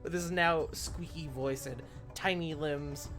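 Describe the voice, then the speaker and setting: A man narrating a tabletop game as game master, animated and laughing often, jumping into loud character quotes. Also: fairly high pitch, unhurried, music in the background.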